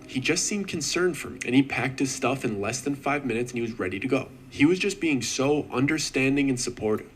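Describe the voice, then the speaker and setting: Young man, mid pitch, earnest first-person storytelling, casual slang, faint noise.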